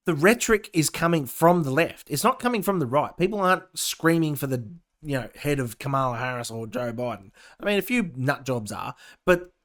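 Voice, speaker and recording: A man's voice: fairly high pitch, a bit bright. A young Australian man hosting a casual opinion podcast, ranting and sarcastic as he reads the news and cuts in with his own comments. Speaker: podcast host.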